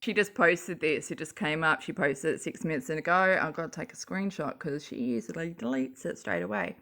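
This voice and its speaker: A woman's voice: low voice, normal speed, a bit bright. A woman with an Australian accent reading social media posts aloud and ranting about them in a sarcastic voice, swearing often. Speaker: YouTube commentator.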